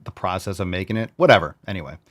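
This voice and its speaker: A man in his forties from New York hosting a fitness show, reading viewer meals aloud in a loud, brash, profane, riffing way. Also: low voice, lively intonation, very fast. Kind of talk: casual chat reading viewer posts.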